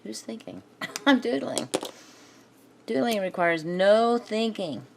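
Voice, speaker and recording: A woman's voice: medium pitch, expressive, slow, gravelly, slight background noise. A woman chatting casually to herself while she crafts, muttering and laughing often. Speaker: craft video maker.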